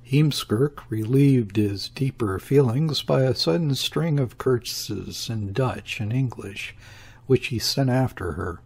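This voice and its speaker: A man narrates a classic novel in a husky voice at a slow, deliberate pace. His pitch sits in the middle range and his reading stays even and measured throughout. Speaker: audiobook reader. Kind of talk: scripted literary narration.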